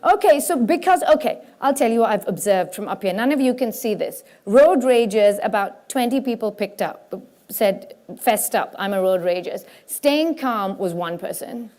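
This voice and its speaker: A woman giving a lively, self-mocking talk from a stage to a live audience at a spiritual conference. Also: a little high. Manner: animated, self-mocking, breaks into quick voices for examples. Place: stage before a large audience.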